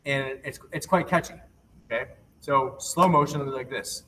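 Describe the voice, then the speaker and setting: A man's voice: mid-range voice, moderate pace. A young male teacher walks young kids through a clapping game in an upbeat, reassuring way. He sits back from a laptop mic, so he sounds a little distant. A faint hiss runs under his voice. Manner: upbeat, reassuring, counts out rhythm calls. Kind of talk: remote lesson to young children.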